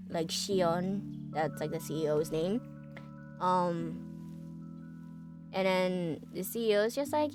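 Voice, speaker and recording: A woman's voice: fairly low pitch, takes it slowly, pauses often, music in the background. Chatty woman streamer recapping a story. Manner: chatty, lots of fillers and laughs.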